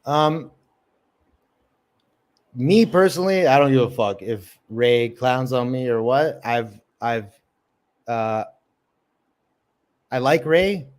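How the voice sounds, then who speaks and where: This livestream host, an open mic comedian, chats casually and rambles, dropping lots of fillers and swear words. His mid-range voice is expressive, and he speaks slowly, pausing often.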